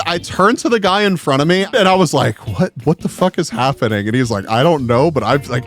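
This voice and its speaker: A man's voice: a little fast, faint music behind. A man telling a con story in a casual vlog, swearing freely and getting exasperated. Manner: profane and animated, pitch jumping up when exasperated. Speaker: vlogger.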